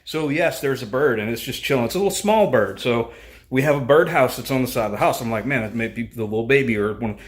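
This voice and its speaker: A man in his thirties, a family vlogger, telling a long story in a rambling, animated way with lots of fillers. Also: medium pitch, fast. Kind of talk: casual storytelling vlog.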